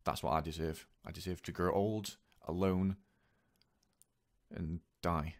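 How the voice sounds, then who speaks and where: A man telling a personal story in a confessional vlog, speaking haltingly and earnestly with many repeats. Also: sits low, steady tone. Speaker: vlogger.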